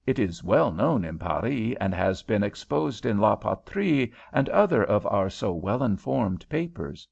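A confidential Frenchman voiced by a man who separates every syllable with measured certainty. The voice is low and gravelly in a dull lo-fi recording. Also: sing-song, a little mellow, exaggerated voice.

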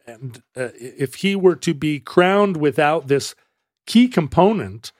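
A man co-hosting a podcast in casual chat, halting and searching for words at times, with a playful streak. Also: a little high, expressive, dry recording, studio quality. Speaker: podcast co-host.

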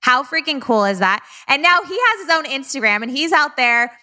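A woman hosting a casual interview, effusive and quick to exclaim. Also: sits high, lively intonation, bright, forceful tone. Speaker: podcast host.

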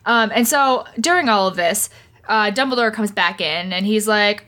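Bright-voiced woman recapping a book casually. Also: mid-range voice. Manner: irreverent, acts out characters' lines in quick voices. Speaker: podcast co-host.

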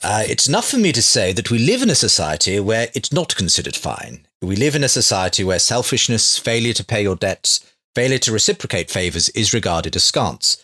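A man putting on an impression of an older male atheist scientist, speaking in a measured, clipped, deliberate way. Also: low voice, sing-song, fairly bright tone, full character voice. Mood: evasive.

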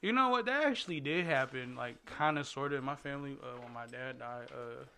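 A man hosting a casual chat at a table, animated and swearing freely as he jokes with two women. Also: medium pitch, fairly quick, smooth. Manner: animated, swearing, laughs often. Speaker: podcast host. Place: indoors at a table.

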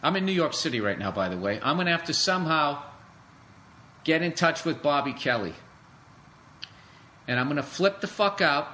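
Man, podcast host, solo comedic rant, sarcastic, profane, sharp bright tone. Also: fairly high pitch, a little hiss or hum.

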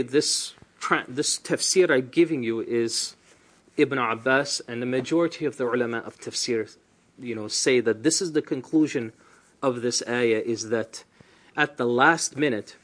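Lively man teaching a Quran class. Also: medium pitch. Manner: lively, asks rhetorical questions, chatty asides. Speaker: Islamic teacher. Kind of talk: conversational Quran class lecture. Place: indoor class.

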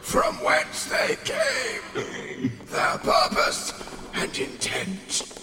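A towering alien overlord of the moon, speaking in an impossibly high voice that swoops wildly up and down. His slow commands boom from far away across a long, echoing hall, with loud music swelling underneath. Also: huge pitch swings, very noisy, exaggerated voice. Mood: imperious. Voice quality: very high, echoing, booming from afar. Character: remote supreme lord of moon creatures, commanding.

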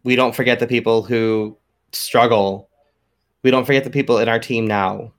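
A man's voice: mid-range voice, fairly even intonation, normal speed, close to an everyday voice. A man voicing Lighthammer, an earnest young male superhero leader in a tabletop game. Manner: earnest, softening into apology.

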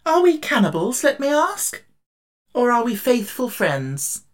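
A woman's voice: fairly high pitch, wildly swooping pitch, measured pace, pitched above the performer's own voice. Storybook figure: an earnest, kindly tin man, read by a woman, raised and emphatic. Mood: shocked. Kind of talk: audiobook character reading.

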